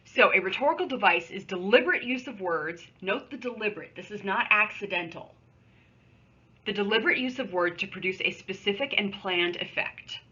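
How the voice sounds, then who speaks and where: A woman's voice: medium pitch, expressive, a little fast, pushed and bright, breathy edge, highs cut off. A woman teacher giving a recorded remote English lesson, explaining patiently in a conversational way with small asides, recorded at home on a computer microphone. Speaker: high school English teacher.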